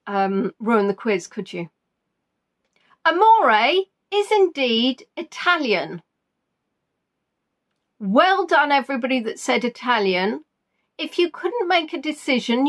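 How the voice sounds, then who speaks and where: High-voiced woman hosting a quiz. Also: a bit bright. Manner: reads out players' answers, teasing and scolding them playfully. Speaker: quiz host. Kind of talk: live online quiz hosting.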